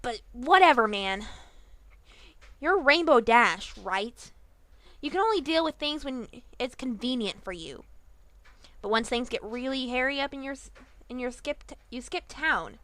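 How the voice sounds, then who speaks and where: A woman voicing a brash, furious young female griffin in a fan audiobook reading, shouting and confrontational with slangy talk. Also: high voice, lively intonation, a little slow. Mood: accusing.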